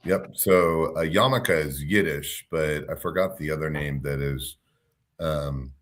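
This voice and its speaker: A man's voice: a bass voice, steady tone, unhurried. A man co-hosting a casual chat show, upbeat and rambling. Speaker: co-host.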